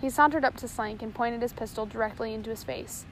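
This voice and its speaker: A woman's voice: a little high, brisk, few pauses, a bit bright, slight background noise, rough recording. A woman narrating a chapter of a storybook aloud, reading steadily with small slips. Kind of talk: audiobook reading.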